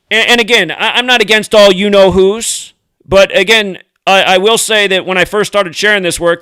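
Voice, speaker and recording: Brief: American man hosting a profane, combative rant vlog; high, sharp voice, smooth and dry. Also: dry recording. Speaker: host. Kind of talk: ranting video commentary.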